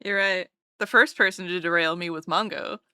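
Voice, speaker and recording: A woman's voice: lowish voice, normal speed, bright, forceful tone, smooth, dry recording, clean studio sound. A woman streamer chatting casually with her live chat while drawing, playful and teasing, often repeating words.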